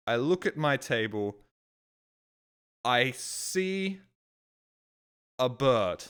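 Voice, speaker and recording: Swearing man with a smooth voice. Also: mid-range voice, very animated, very slow, long pauses, fairly bright tone. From Australia. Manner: rambling, swearing, frustrated. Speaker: streamer. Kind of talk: casual storytelling.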